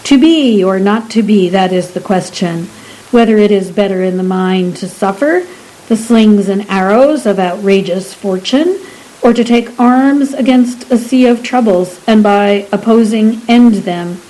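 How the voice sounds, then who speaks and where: A woman's voice: medium pitch, measured pace, warm tone, lightly acted, poor audio. A woman voicing a pompous sixteenth-century male sorcerer who speaks in archaic, haughty phrases. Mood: stately. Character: pompous 16th-century male astrologer Bretnor.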